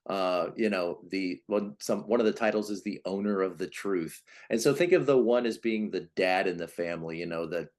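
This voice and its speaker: A man's voice: moderate pace, few pauses. A man being interviewed as a personality coach, explaining in a conversational way, often restarting and now and then acting out quoted voices. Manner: animated, acts out voices of types with big pitch jumps; many restarts and repeated words. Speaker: Enneagram coach, guest.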